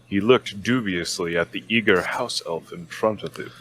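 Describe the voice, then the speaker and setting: A man on a comedy podcast reading fan fiction aloud in a deadpan dramatic narration. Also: low voice, moderate pace, poor audio.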